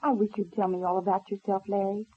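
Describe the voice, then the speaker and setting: A woman's voice: mid-range voice, little pitch movement, fast talker, breathy edge, close to an everyday voice. An actress playing a spirited, playful young woman in a 1930s radio serial. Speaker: radio drama actor. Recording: old narrow-band radio transfer.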